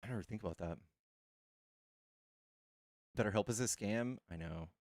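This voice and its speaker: A man's voice: lowish voice, normal speed, a little mellow, no room sound, studio quality. Crude joking male streamer. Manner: crude, joking, addresses chat. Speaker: streamer host. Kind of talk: live-stream chat.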